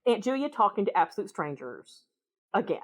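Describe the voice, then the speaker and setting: A woman with a Minnesota accent, a podcast guest telling travel stories in a casual, animated way. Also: mid-range voice, a little fast. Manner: animated, acts out voices in her anecdotes. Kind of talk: casual storytelling conversation.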